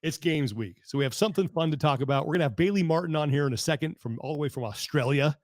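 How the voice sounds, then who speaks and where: Chatty man, slightly high, telling a rambling story. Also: fast, no room sound, studio quality. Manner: animated, exasperated rambling with self-interruptions. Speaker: podcast host. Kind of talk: casual storytelling chat.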